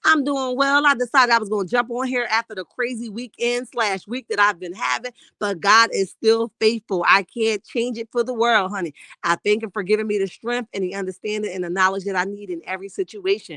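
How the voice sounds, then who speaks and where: A woman hosting a live stream, reading viewer comments aloud in a sassy, animated way and calling people honey. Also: medium pitch, fairly quick, few pauses, no room sound, studio quality. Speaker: livestream host reading chat. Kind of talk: casual live chat.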